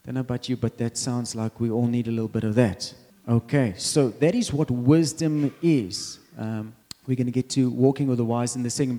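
A man's voice: mid-range voice, warm tone. A man with a South African accent preaching a conversational sermon, quizzing the congregation as he goes.

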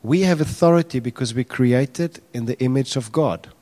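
Animated pastor preaching. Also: male voice, medium pitch, moderate pace. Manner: animated, acts out quotes with raised voice. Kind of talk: sermon.

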